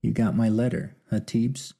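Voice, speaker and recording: A calm, weary older companion, as a male narrator reads him, answering in a quiet, understated way. The voice sits low and dark with a gravelly texture. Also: normal speed.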